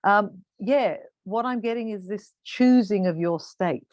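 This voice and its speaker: A woman's voice: medium pitch, measured pace, darkish tone, no room sound. Weary woman on a call, reflective, hunts for words, dry sound. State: tired, yawning. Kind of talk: casual sharing in a group call.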